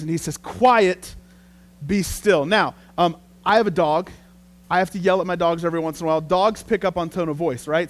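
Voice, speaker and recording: Pastor guy w/ a high-ish voice, chatty lively sermon storytelling.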